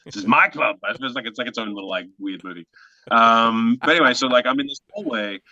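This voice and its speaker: A man spins a rambling anecdote with bright, pushing energy. He throws himself into the quoted bits. The sound is dry and slightly dull, like a lo-fi stream. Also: mid-range voice, fast, no echo. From Australia. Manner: animated, acts out quotes in funny voices. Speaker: guest actor. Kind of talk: casual storytelling.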